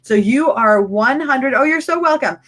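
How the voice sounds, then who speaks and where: A woman coaching a live-streamed training, chatty and excitable, rambling with restarts as she answers viewer comments. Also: sits high, normal speed. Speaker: online business coach.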